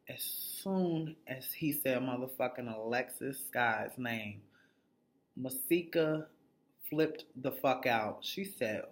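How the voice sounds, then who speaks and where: A man's voice: on the high side, animated, a little slow. A man giving a casual, profanity-heavy recap of a reality show episode, blunt and gossipy, slipping into the voices of the people he describes. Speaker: TV recap reviewer.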